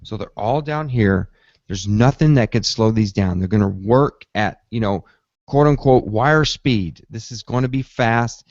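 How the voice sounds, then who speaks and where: Podcast host, male, low voice, animated storyteller who acts out his reactions, dry and slightly dull recording. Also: unhurried, no room sound. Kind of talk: casual tech podcast chat.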